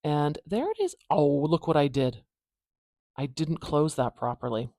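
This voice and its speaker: A speaker with an Atlantic Canadian accent teaches phonetic transcription in a mid-pitched voice. They sound out example words slowly and repeatedly, with light, playful asides. The recording is dry and close, with no room sound. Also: sing-song, mellow, dry recording. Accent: Atlantic Canadian English. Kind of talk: IPA transcription lesson.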